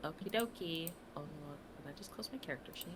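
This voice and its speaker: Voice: medium pitch, expressive, fairly quick, background noise. A tabletop roleplaying game player hesitantly describing their character's action. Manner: casual, hesitant with fillers.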